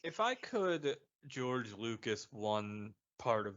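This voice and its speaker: A man's voice: mid-range voice, sing-song, slow pace, fairly bright tone. A man co-hosting a comedy podcast, riffing on the movie with wry, profane jokes. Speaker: podcast co-host. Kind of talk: casual comedic podcast chat. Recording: dull lo-fi podcast audio.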